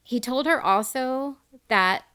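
A woman's voice: high-pitched, takes it slowly, pushed and bright, smooth. A woman hosting a casual podcast, retelling a true crime story in a chatty way and laughing often. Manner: chatty, laughs often, quotes people as she tells.

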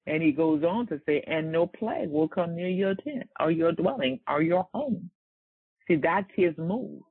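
A man's voice: fairly high pitch, lively intonation, measured pace, husky. A man preaching a sermon in a call-and-response style. He repeats phrases and asks the congregation to fill in words. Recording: tinny, phone-like sound.

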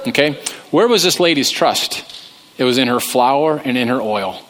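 A man's voice: medium pitch, lively intonation, moderate pace, fairly bright tone. A man preaching a humorous sermon, talking conversationally and joking about himself. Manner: joking, conversational, self-deprecating. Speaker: pastor.

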